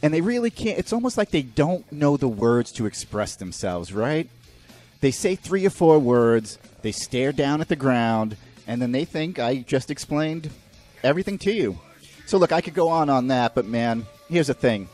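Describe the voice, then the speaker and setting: A man's voice: mid-range voice, sing-song, moderate pace, darkish tone, soft background music. A man hosting a podcast, ranting profanely and mocking people in put-on voices. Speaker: podcast host. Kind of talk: ranting comedic monologue.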